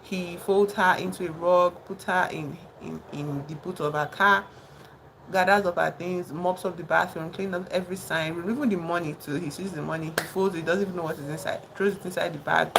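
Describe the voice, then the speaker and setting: Woman vlogger, low gravelly voice, loose rambling storyteller, chatty while doing makeup. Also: noisy background. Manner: chatty, rambling, peppered with "you know" and "like". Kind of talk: casual storytelling chat.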